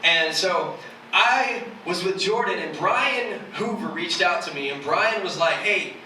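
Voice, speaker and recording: A young man preaches in a loose, self-mocking way, his voice high and ringing bright. He is picked up from a distance, so the church hall's echo rings around every word. A faint hum sits underneath. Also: expressive, measured pace. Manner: joking, conversational, self-mocking. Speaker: church speaker. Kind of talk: casual sermon. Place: church hall. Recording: echoey hall from far off.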